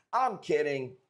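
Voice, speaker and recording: A male streamer with a fairly high, very animated voice, trading brash, profane jokes with his chat. His delivery is loose and casual, the pitch jumping all over. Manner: profane, brash joking banter. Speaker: live streamer.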